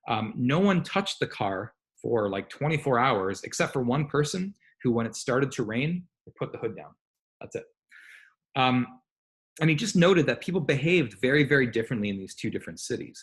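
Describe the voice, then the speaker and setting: A man lecturing on psychology online in a conversational way, explaining with examples and asides and often pausing on "um" or correcting himself. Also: mid-range voice. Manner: frequent "um" fillers and self-corrections.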